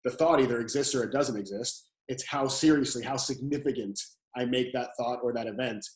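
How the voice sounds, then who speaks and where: A man of ordinary pitch who coaches calmly through a podcast interview, going back over his key phrases. His voice carries a noticeable room echo. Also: fairly quick. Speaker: guest coach and author.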